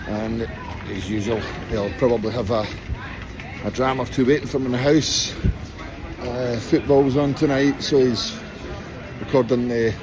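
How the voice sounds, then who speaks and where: Man, casual vlogger, relaxed and filler-heavy; mid pitch, noisy street behind. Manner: relaxed and chatty, many fillers. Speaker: piper. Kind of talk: casual vlog to camera. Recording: noisy city street background.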